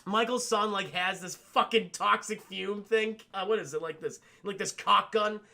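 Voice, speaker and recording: A man on a casual livestream, retelling a film scene by scene in a rambling, profane, animated way and talking to his chat. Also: sits high, normal speed, creaky. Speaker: streamer reviewing a film with chat.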